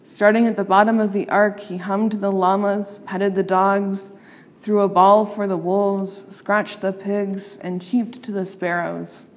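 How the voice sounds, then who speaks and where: Slow expressive woman reading a storybook. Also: medium pitch, big-room sound. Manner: expressive, playing up sound words.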